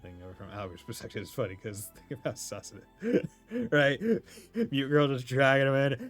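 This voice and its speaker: A man's voice: mid-range voice, big pitch swings, brisk, fairly bright tone, no room sound, soft background music. Playful male streamer chatting over a game, mid-range voice. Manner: laughing, casual, playful. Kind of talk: live game playthrough commentary.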